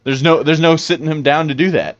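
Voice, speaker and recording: A man's voice: on the high side, fairly quick, no echo, muffled recording. A man co-hosting a podcast, talking casually and rambling with frequent restarts and fillers. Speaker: podcast co-host. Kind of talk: casual chat.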